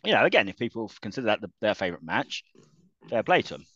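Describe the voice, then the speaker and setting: A man's voice: lowish voice, very animated, quick pace, fairly bright tone, no room sound, dull audio. A man chatting casually about wrestling as a podcast co-host, laughing often and restarting his sentences.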